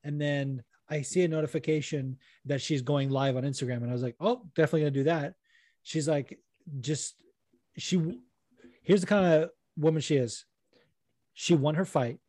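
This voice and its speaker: A young man co-hosting a casual chat, telling stories in an animated way and acting out what others said. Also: mid-range voice, no echo. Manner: animated storytelling, acts out quotes. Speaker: podcast co-host.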